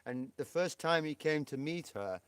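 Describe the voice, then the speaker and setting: A man's voice: a little high, lively intonation, normal speed, smooth, dry recording. A man with a Yorkshire accent co-hosting a live stream, rambling and chatty with lots of fillers. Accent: Yorkshire English. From England.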